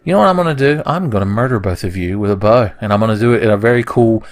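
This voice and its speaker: A man's voice: fairly low pitch, very fast. A young man doing casual let's play commentary, rambling into goofy, profane rants. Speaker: gaming commentator.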